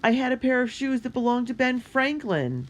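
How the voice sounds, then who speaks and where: A narrator voicing a dramatic, food-loving young boy who complains loudly. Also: high voice, very animated, moderate pace, voice pushed up. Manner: loud, whining complaints.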